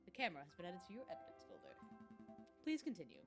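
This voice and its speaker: A woman's voice: lowish voice, wildly swooping pitch, fast, loud music behind the voice. Woman playing a male bird lawyer, formal, courteous, earnest, game character.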